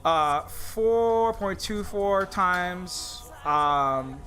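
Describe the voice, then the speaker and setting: Male streamer, high and tense delivery, angry cursing rant full of stammered restarts. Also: lively intonation, extremely slow, bright, forceful tone. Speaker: indie game developer streaming live. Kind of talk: heated political rant on a livestream.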